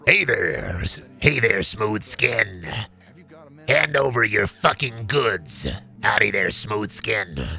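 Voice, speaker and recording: A man voicing a sly, menacing wasteland raider in a deliberately gravelly, drawling voice. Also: lowish voice, expressive, bright, forceful tone, faint music behind, voice pushed down, full character voice.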